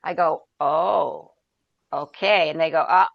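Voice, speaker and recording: Woman guest, coach type, lowish pitch, dry close mic, chatty storyteller. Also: takes it slowly, vocal fry, no echo, muffled recording. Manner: storytelling, searches for words, quotes herself and others. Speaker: podcast guest, founder and coach. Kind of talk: conversational interview.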